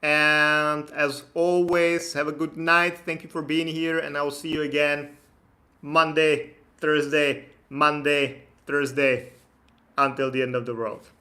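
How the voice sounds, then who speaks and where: A man from the Republic, hosting a casual live-stream Q&A. He is chatty and relaxed, laughs easily, and reads viewer comments aloud. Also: fairly high pitch, measured pace. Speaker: immigration consultant hosting a live Q&A.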